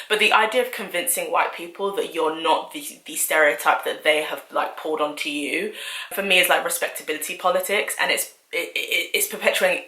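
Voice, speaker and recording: A woman's voice: on the low side, pushed and bright, reverberant. A young woman, talking to camera in a chatty, opinionated vlog. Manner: chatty, opinionated, quick asides. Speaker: vlogger. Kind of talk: casual talking-to-camera commentary.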